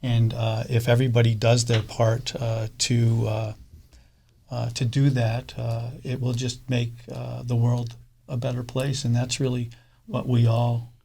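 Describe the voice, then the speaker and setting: A middle-aged man speaking in a casual interview as a fund co-founder, halting often with fillers and restarts. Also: medium pitch, monotone, creaky, warm tone.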